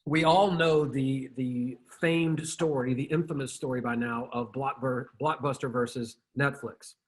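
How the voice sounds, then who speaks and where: A man's voice: mid-range voice, steady tone, a little slow. A man hosting a casual interview, talking emphatically and bluntly with plenty of swearing and slang. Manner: emphatic and blunt, with frequent swearing and "dude", "bro". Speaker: podcast host.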